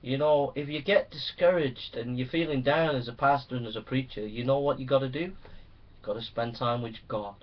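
A man's voice: mid-range voice, a little fast. A man preaching a sermon to pastors, reading scripture and urging them on with fervent, rising exhortation. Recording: dull lo-fi recording.

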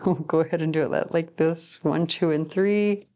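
Lower-pitched chatty woman reading tarot. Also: fairly even intonation, moderate pace, darkish tone, highs cut off. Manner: chatty and rambling, laughs often at herself. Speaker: tarot reader. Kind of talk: casual tarot reading to camera.

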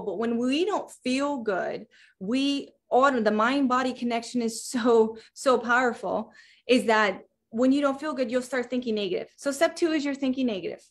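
Lively woman coach with a higher voice. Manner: lively and chatty, often checking in with "right?" and "you guys". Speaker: life coach. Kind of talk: motivational coaching talk to a group.

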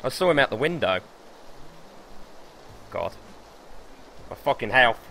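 A young man streaming gameplay live, excitable and swearing as he talks himself through the match. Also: medium pitch, a little slow, creaky, slight background noise. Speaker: gaming streamer.

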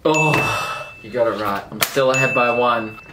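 A young man chatting casually on a vlog, cheeky and joking, quick to laugh. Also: medium pitch, heavy background noise. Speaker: co-host of a couple's channel. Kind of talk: casual playful vlog chat. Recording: echoey room with loud music behind.

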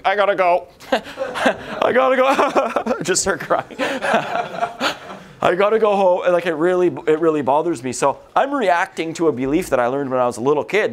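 A man lecturing a recovery group in a casual, rambling way, swearing freely and often. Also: a little high. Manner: swears a lot, vulgar, rambling.

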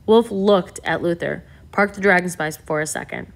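Woman narrator, lower register, calm scripted audiobook reading. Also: normal speed.

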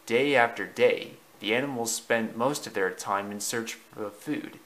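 A man narrating a storybook slowly and deliberately, with small slips in the reading. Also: mid-range voice, a bit bright, poor audio.

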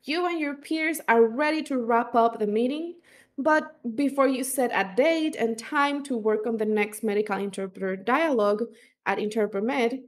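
A woman teaching as an instructor, explaining step by step with fillers and small self-corrections. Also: a little high. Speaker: language instructor.

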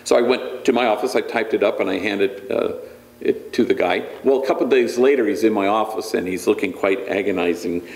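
A man's voice: fairly low pitch, fairly quick, darkish tone, roomy sound. A man, a priest, giving a storytelling lecture with humor and frequent restarts. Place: lecture hall.

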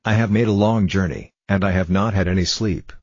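A man voicing a timid, curious little boy prince, reading his lines calmly with little change of voice. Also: deep voice, fairly quick, breathy edge, no room sound. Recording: dull lo-fi dry recording.

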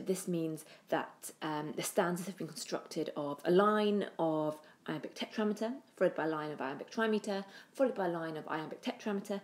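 Soft-toned woman teaching poetry. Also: lowish voice. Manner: thoughtful, with fillers and restarts, trailing off quietly. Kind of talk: poetry analysis lesson.

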